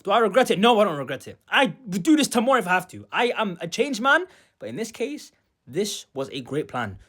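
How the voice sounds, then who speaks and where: A young man telling a comic personal story for his vlog, animated and boastful, jumping between loud outbursts and quiet muttered asides. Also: sits high. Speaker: storytime vlogger.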